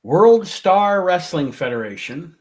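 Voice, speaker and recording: Man, co-host, reads match results, chuckles, slow, bouncy pitch, fairly high. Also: very animated, darkish tone. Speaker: podcast co-host. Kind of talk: casual chat, reading out old match results.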